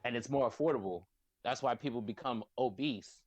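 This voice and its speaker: Animated man explaining in a dry room. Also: medium pitch, a little fast, no room sound, lo-fi sound. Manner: animated, repeats words as he builds a point. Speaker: podcast co-host. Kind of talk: casual group discussion.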